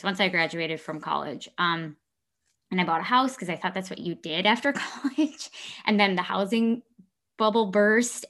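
A woman's voice: on the low side, fairly bright tone. A woman in her thirties co-hosting a podcast, chatting casually and reflectively, with frequent restarts. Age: 30s. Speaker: podcast host. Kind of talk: casual chat.

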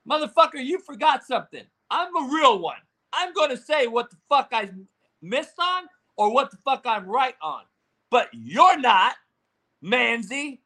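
A man hosting a live show, yelling and cussing as he answers the chat, speaking on a phone held far away. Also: very high voice. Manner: loud, yelling, profane, confrontational. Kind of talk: profane ranting commentary.

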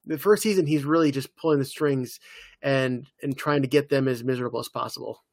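A man co-hosting a casual podcast chat about TV shows, animated and loose. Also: mid-range voice, brisk, no echo, clean studio sound. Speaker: podcast co-host.

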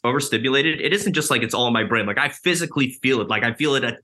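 A man's voice: medium pitch, rapid-fire, pushed and bright. A man in his twenties, a podcast guest, talking loosely and thinking aloud with many fillers. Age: 20s. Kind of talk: casual interview conversation.

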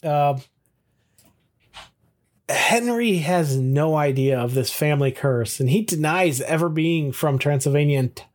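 Higher-voiced man recapping with animated energy. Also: a little slow. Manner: animated retelling, laughing often. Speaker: podcast co-host. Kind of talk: casual recap of a TV episode.

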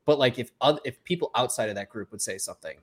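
A man's voice: medium pitch, fast talker, husky. A man in casual chat, speaking candidly and a bit rambling about personal lessons. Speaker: podcast co-host.

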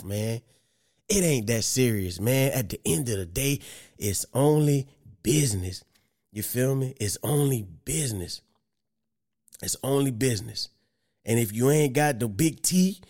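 A young adult man hosting a podcast, giving his opinions in a lively, profane, slang-heavy monologue. He keeps asking rhetorical questions. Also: mid-range voice. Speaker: podcast host.

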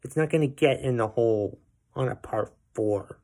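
A podcast host with a mellow, medium-pitched voice speaks at normal speed. His ranting commentary targets everyday annoyances, full of profanity and sarcastic asides.

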